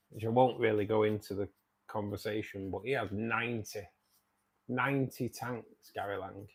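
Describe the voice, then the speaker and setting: A man's voice: fairly low pitch, little pitch movement, normal speed, pauses often, breathy edge. A man in his forties with a Manchester accent, hosting a casual livestream and chatting matily with viewers. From England, outskirts of Manchester. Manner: chatty, matey, reads out and answers viewer comments. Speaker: livestream host.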